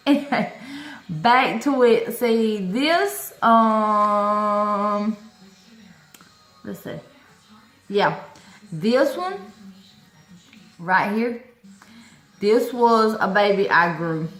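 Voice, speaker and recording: A woman's voice: medium pitch, drawn-out words, long pauses, fairly bright tone, soft background music. Chatty woman in an echoey room. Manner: chatty, exclaims often, talks to viewers as y'all. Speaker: vlogger showing her orchid collection. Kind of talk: casual chat.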